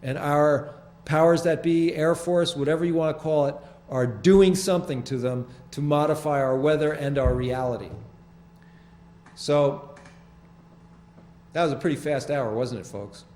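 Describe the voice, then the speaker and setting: A man hosting a public access TV show from a studio, talking casually over his photos in a rambling, halting way with many restarts. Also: fairly high pitch, a little mellow.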